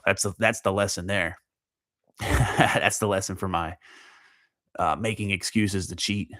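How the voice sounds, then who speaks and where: A man with a very low voice talks loosely and profanely, rambling from one thought to the next and breaking into laughs. The sound is dry and close, with no room around it. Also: fairly bright tone, no room sound. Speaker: podcast host. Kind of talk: casual solo chat.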